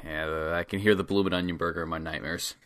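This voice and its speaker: A man's voice: sits low, fairly even intonation, fast, a bit bright. A man co-hosting a casual podcast, laid-back and wry, recapping with plenty of filler words. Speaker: podcast co-host.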